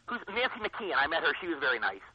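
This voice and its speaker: A man telling anecdotes as a guest actor in a casual interview, in an excitable, nerdy way. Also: a little high, quick pace, dull audio, crowd noise.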